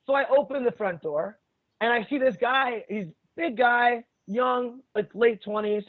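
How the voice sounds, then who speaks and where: A man with a fairly high voice tells stories casually, blunt and often profane, laughing as he goes. The audio is narrow and tinny, like it came through a phone line. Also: unhurried. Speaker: jiu-jitsu instructor, podcast guest. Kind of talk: casual storytelling chat.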